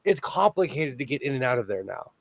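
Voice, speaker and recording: A man's voice: mid-range voice, very animated, brisk, no echo. Chatty man from California, dry close sound. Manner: rambling, chatty storyteller. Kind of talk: casual chat.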